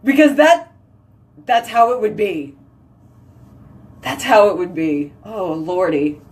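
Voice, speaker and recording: Woman host, casual chat, filler-heavy, animated and talkative. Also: medium pitch, takes it slowly. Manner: chatty, heavy use of "like", animated exclamations.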